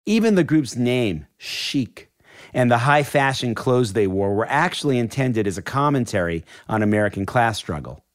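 A man giving scripted documentary narration in a measured, explanatory way. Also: medium pitch, big pitch swings, no room sound, studio quality.

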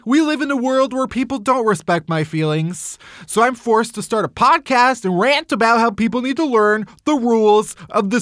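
Male comedy podcast host, over-the-top rants, swings his pitch wildly, dry close sound. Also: a bit bright, dry recording. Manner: theatrical, exaggerated ranting with swearing.

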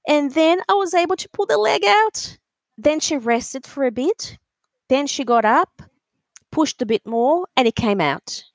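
A woman telling a story in a casual interview, animated and full of fillers, acting out other people's voices. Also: sits high, measured pace, dry recording. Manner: animated, acts out voices in quotes, many fillers. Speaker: alpaca breeder, guest.

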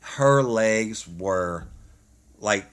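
Man, ex-cop podcast co-host, lowish voice, animated storyteller who laughs a lot. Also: very slow. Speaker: podcast co-host, former police officer. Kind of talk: casual storytelling.

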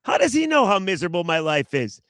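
A man's voice: high voice, very animated, fast, fairly bright tone, no room sound. A man hosting a sports talk show, delivering a sarcastic, self-mocking monologue outdoors in his backyard and talking straight to his listeners. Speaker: sports radio host.

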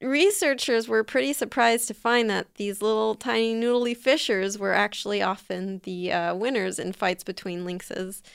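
A woman's voice: medium pitch, steady tone, normal speed, vocal fry, few pauses, clear, resonant tone, no echo, studio quality. A woman hosting a podcast in casual chat, playful and chatty, laughing often, with fillers. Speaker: podcast host.

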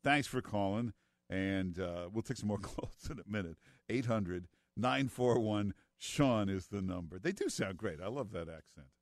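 A man's voice: lowish voice, normal speed, dry recording, studio quality. A man with a New York accent guest-hosting a radio call-in show, teasing and joking with callers. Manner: teasing, jokey. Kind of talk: talk radio call-in banter. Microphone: studio microphone.

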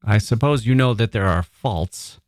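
A man reads a self-satisfied gentleman author who talks down in a brisk, superior tone. The voice sits low and the sound is dry and close, with no room behind it. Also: dry recording, natural voice. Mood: condescending. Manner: brisk, condescending tone.

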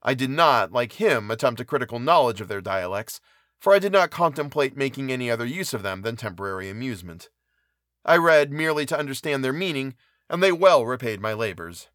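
A man reading a classic novel aloud in a measured, even narration. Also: medium pitch, no room sound, clean studio sound. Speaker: audiobook reader.

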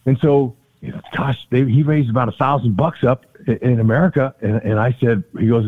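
A man's voice: mid-range voice, fairly even intonation, fairly quick, hardly any pauses. An older man, a former ballplayer, telling stories as a podcast guest, acting out the quotes with big jumps in his voice. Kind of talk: storytelling in a casual interview. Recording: tinny phone-like line.

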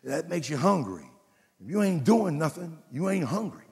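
A pastor delivers his sermon with emphatic, swooping energy that climbs into shouts. His voice sits a little high for a man and carries a gravelly edge. The sound rings with the long reverb of a large church hall. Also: very animated, moderate pace. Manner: emphatic preaching, rising to shouts.

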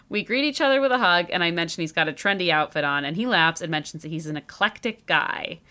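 A woman's voice: lowish voice, lively intonation, brisk, sharp tone. A woman from Chicago, a podcast host telling a dating story in chatty casual talk full of "like" fillers. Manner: chatty, lots of "like" fillers and laughter.

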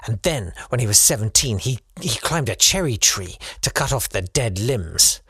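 A man's voice: mid-range voice, expressive, normal speed, a bit bright, slightly rough. A man co-hosting a comedy podcast, telling a history story playfully and slipping into silly voices. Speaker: co-host. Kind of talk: comic storytelling.

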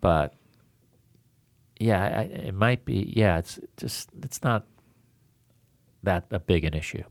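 A man with a very low, gravelly voice hosts a casual chat, rambling and restarting his sentences and laughing easily. The sound is dry and close, with no room around it. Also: no echo. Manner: rambling, halting, quick to laugh. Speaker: podcast host.

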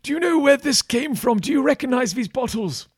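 A man's voice: very high-pitched, expressive, fairly quick, breathy edge, dry recording, clean studio sound, heavily acted. A man voicing a pompous male knight who questions suspects in a theatrical, accusing way. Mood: stern.

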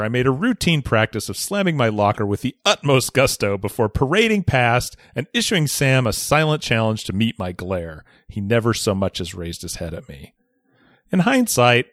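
Podcast host, male, reads a listener letter with lively swooping delivery, dry close sound. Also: fairly low pitch, dry recording. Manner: animated, expressive storytelling. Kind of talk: reading a listener letter aloud.

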